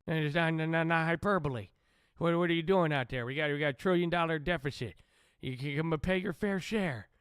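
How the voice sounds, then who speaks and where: A crude, rambling old male president, put on by a man for laughs, repeating himself as he brags. The voice sits a little higher than usual and is recorded dry and close. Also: fairly quick, fairly bright tone, clear, resonant tone, no echo, close to an everyday voice. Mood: blustering. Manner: rambling, repetitive, profane boasting. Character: blustering older male president, boastful and crude. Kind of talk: comic impression on a live stream.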